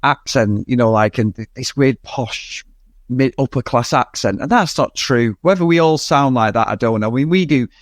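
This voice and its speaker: A man's voice: mid-range voice, normal speed, no room sound, studio quality. A man with a Mancunian accent co-hosting a podcast, chatting casually and rambling with lots of swearing. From Manchester, England. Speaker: podcast co-host. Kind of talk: casual film review chat.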